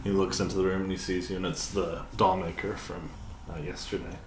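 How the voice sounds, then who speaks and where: A man narrating a tabletop game as game master in a loose, relaxed way. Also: low voice, fairly quick. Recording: roomy, slightly hissy.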